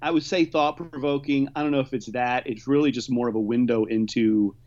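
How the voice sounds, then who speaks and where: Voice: mid-range voice, fairly even intonation, a little fast, a little mellow. Co-host chatting loosely about a show, kinda hesitant, muffled lo-fi audio. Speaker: podcast co-host. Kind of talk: casual chat. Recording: dull lo-fi sound.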